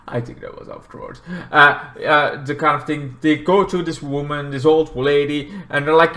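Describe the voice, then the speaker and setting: A young man rambling through a casual movie recap, leaning on filler phrases and jumping into loud, high-pitched acted quotes. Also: steady tone, normal speed. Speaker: movie reviewer.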